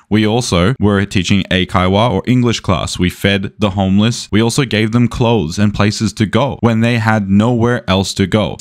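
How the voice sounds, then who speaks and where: A young man commenting on a debate, arguing point by point in a lecturing, argumentative way. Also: lowish voice. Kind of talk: debate rebuttal.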